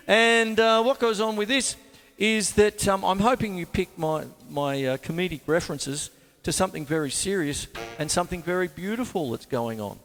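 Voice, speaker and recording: A man's voice: high-pitched, normal speed, a bit bright. A man with an Australian accent hosting a drum show, rambling and self-mocking, full of fillers and restarts. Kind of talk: casual talk about drumming. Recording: long reverb over drum music.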